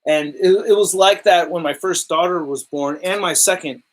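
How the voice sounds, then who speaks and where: High-voiced guy rambling away on a home livestream, super excitable, lots of dude and epic. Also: moderate pace, low-quality recording. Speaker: collectibles livestreamer. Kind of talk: casual livestream chat. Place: home display room.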